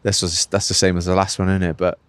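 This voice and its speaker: He has a deep, monotone voice and a quick pace, recorded with no room sound. A Welsh pro cyclist in his late thirties, he chats casually after a race, rambling and saying "like" and "mate" constantly.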